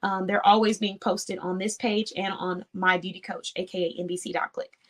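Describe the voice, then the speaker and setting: Serdeczna kobieta motywująca przedsiębiorców. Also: female voice, mid-range voice, little pitch movement, moderate pace. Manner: earnest, encouraging, laughs easily. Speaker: host. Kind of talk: motivational talk to small business owners.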